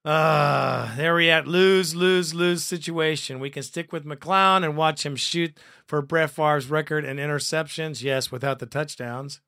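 A man hosting a fan podcast, reading listener comments aloud in a profane, excitable way and laughing often. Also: a little high, a little slow, creaky, few pauses, no echo, studio quality.

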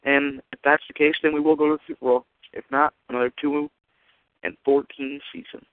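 A man's voice: a little high, little pitch movement, a little fast, noisy background. A man calling in to a fan show, bluntly laying out his opinions about his team. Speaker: caller. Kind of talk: call-in voicemail. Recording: tinny phone line.

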